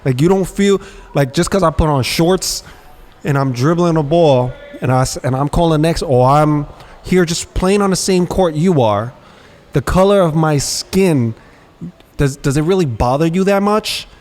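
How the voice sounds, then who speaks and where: A podcast co-host with a voice on the high side, speaking at normal speed, tells stories on a casual show. He's an animated storyteller who acts out quotes in street slang.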